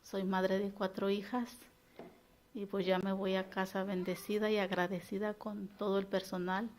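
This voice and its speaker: Grateful woman with a creaky voice. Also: medium pitch, a little mellow. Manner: grateful, slow and heartfelt. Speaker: graduate. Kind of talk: thank-you speech.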